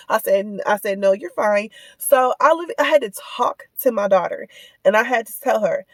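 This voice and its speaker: Fired up woman venting on a vlog, kinda high voice, repeats herself a lot, dry sound. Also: normal speed, no room sound. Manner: indignant, heated, repeats herself while retelling. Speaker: parent telling a personal story. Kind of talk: casual ranting vlog.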